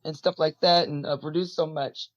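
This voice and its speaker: Woman with a deep husky voice. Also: steady tone, normal speed, no room sound. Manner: rambling, many fillers. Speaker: musician guest. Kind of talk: casual interview talk. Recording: dull lo-fi audio, dry.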